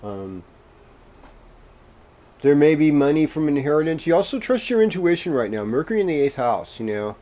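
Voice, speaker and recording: A man reading horoscopes as the host, in a casual, meandering way with gentle pauses and fillers. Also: a little high, sing-song. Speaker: astrologer host.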